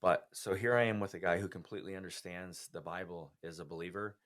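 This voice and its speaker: A man with a strikingly deep, low voice speaks as a podcast guest. He tells his own story in an earnest, heartfelt way, as a personal testimony. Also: fairly even intonation, fast talker, fairly bright tone.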